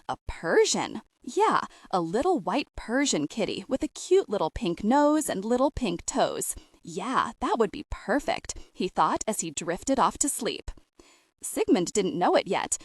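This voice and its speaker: A woman narrating a gentle, humorous audiobook story with expressive storytelling. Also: mid-range voice, no room sound, clean studio sound.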